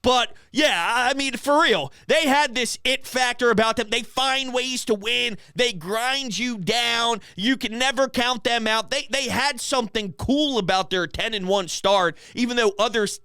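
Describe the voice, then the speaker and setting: Man, high bright voice, smooth and crisp, mocking play-by-play, very dry close sound. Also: dry recording. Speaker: host. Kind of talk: live game reaction stream.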